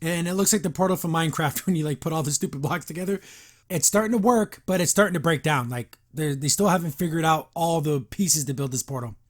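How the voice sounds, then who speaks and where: A podcast host recaps a cartoon episode in a loose, chatty way. The voice sits mid-range in pitch, with plenty of "like" and "you know" and a wry, disbelieving edge. It is recorded close on a podcast mic. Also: fast. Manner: rambling, filler-heavy, wry and incredulous. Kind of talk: casual episode recap and review.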